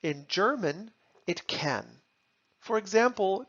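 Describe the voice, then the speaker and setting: A German teacher explaining word order outdoors in a park, slowly spelling out example sentences. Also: medium pitch, lively intonation, highs cut off. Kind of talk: language lesson explanation.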